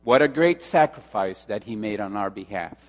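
A male pastor preaching a sermon, emphatic, with dramatic pauses and repetition, in a church hall. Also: on the low side, expressive, dull audio. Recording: long hall reverb with mains hum.

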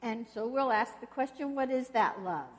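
A woman's voice: a little high, lively intonation, moderate pace. A woman preaching a sermon in an earnest storytelling way, asking the congregation questions. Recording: long reverb of a hall.

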